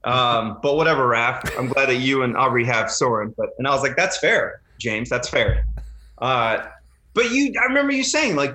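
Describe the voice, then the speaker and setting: A man's voice: medium pitch, moderate pace, reverberant. A man in his thirties, a retired Army helicopter pilot, telling stories in a casual chat and animating the lines he quotes. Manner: animated storyteller who acts out quoted lines.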